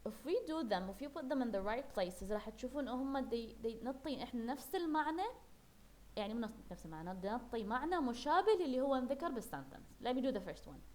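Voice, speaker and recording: A woman's voice: a little high, big pitch swings, rapid-fire. A woman teaching an English class, explaining words patiently, repeating them and checking that the class follows along in a classroom. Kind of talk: classroom English lesson mixing Arabic and English.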